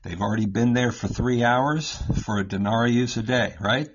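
A man's voice: medium pitch, normal speed, lo-fi sound, a little hiss or hum. A man explaining a scripture passage in a conversational teaching style, going step by step and often checking in with his listeners. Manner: explains step by step, keeps asking "right?". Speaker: Catholic Bible teacher.

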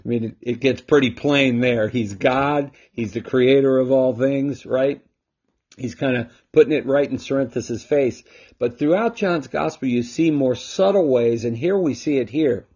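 Male host and Bible teacher, husky timbre, mid-pitched, emphatic, dull home recording. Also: moderate pace, a little mellow. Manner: emphatic, with frequent rhetorical "right?". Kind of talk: casual scripture teaching talk.

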